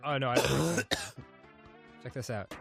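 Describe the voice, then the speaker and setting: A man's voice: mid-range voice, gravelly, fairly bright tone, faint music behind. A man co-hosting a casual video game let's play, telling jokey stories and laughing easily. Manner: joking storyteller, quick to laugh. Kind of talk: casual gameplay banter.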